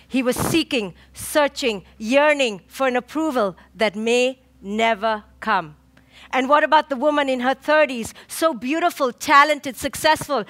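Slow and emphatic, this woman is a clinical psychologist giving an inspiring talk built on rhythmic lists and dramatic pauses. Her pitch is high, with a slightly bright quality.

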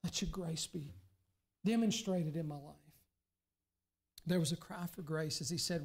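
A man preaching a sermon as pastor in a church, earnest, now and then dropping to a hushed, pleading voice. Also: high voice, normal speed. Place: church sanctuary.

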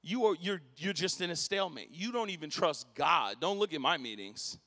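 Man, pastor, impassioned sermon, casual slang, bright sharp tone, long church reverb. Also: on the high side, expressive, normal speed. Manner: impassioned, storytelling, rising to shouts; casual slang like dude and bro. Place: church sanctuary.

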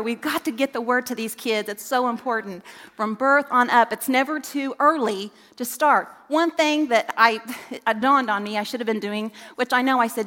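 A middle-aged woman speaks from a church stage mic, her voice a little high and ringing out with a long hall reverb. She preaches earnestly and with emphasis to parents, tossing questions to the children in the room. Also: normal speed, bright, forceful tone. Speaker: children's ministry director. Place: church sanctuary.

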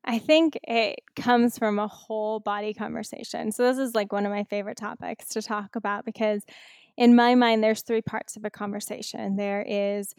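A woman's voice: medium pitch, little pitch movement, moderate pace, darkish tone, clean tone, dry recording. A woman in her thirties, a coach, in casual podcast chat, telling stories and animatedly quoting others. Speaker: wellness coach.

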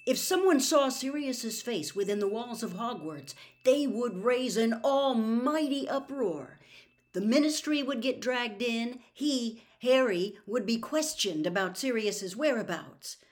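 A woman reading a novel aloud as a serialized storytime episode, softly, slipping into a whisper at tense moments. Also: a little high, expressive, measured pace. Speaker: audiobook reader.

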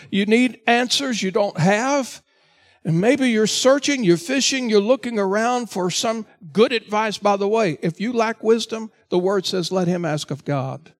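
High-voiced preaching pastor. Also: male voice. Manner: earnest, exhorting, repeats "listen" to the congregation. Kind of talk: sermon.

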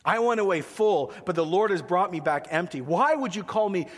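A man voicing a grieving, bitter older woman who complains loudly and accuses. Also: high-pitched, animated, fairly quick, in a large hall. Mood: bitter lament.

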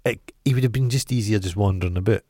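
A Scottish man co-hosting a podcast in casual chat, trading crude, deadpan banter. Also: fairly low pitch, fast talker, slightly rough, no echo. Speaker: podcast co-host.

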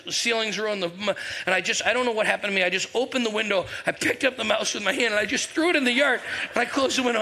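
A middle-aged man preaching an Easter sermon as pastor, telling funny stories and calling out to the congregation. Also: high-pitched. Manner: energetic storyteller, humorous asides, calls to the congregation. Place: church sanctuary.

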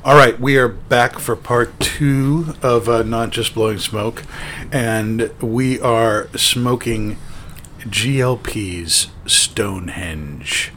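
A man's voice: mid-range voice, slow, fairly bright tone, faint music behind. A man hosting a casual chat show, rambling with many fillers and restarts. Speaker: podcast host.

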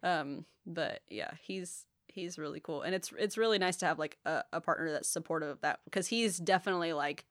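A woman's voice: lowish voice, fairly quick, few pauses, a bit bright, no room sound, studio quality. A woman in her twenties, a podcast guest chatting candidly, laughing often and swearing casually. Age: 20s. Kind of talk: casual chat.

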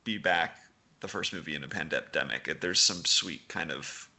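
A man's voice: rumbling low, normal speed. A man co-hosting a film podcast in casual chat, laughing often between points. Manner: laughs often, animated asides. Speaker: podcast co-host.

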